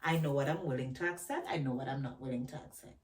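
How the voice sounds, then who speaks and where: A woman's voice: very deep voice, quick pace, recorded from a distance, poor audio. A woman vlogger giving a reflective talk on self-knowledge, emphatic, asking rhetorical questions and repeating key phrases. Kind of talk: reflective solo talk to camera.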